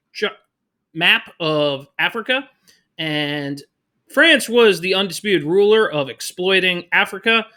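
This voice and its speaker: A male history teacher giving a casual, energetic, jokey lecture to his class. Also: high voice.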